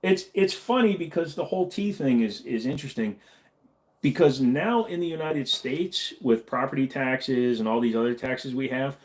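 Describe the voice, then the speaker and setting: A man's voice: medium pitch, lively intonation, moderate pace. A man hosting a casual late-night livestream Q&A, rambling and joking as he reads chat messages aloud. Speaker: livestream host.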